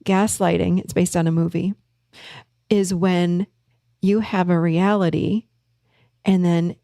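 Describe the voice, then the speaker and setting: Creaky-voiced woman therapist telling stories. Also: on the low side, slow, dry recording, studio quality. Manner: storytelling, animated when quoting others. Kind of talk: casual talk.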